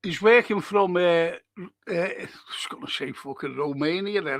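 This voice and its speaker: Gravelly man rambling on a podcast. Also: high voice, moderate pace. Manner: rambling storyteller, swears freely. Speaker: podcast host. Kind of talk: casual live-stream chat reading comments.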